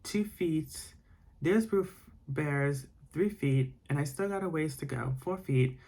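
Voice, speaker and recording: A man's voice: a little high, slow pace, a little mellow. A man voicing a sly, cunning male trickster rabbit in a folksy country manner for a bedtime storybook reading. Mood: coaxing.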